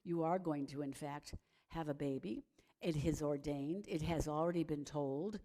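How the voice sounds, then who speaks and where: A gentle heavenly messenger in a storybook, reassuring and steady, voiced by a woman telling the tale. The voice sits low and warm, quiet and unhurried. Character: calm divine messenger speaking to a young woman.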